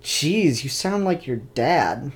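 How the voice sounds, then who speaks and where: A man's voice: medium pitch, very animated, takes it slowly, husky, heavily acted. A man voicing a cocky, sarcastic young boy hero while retelling a comic. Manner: tough-talking, sarcastic.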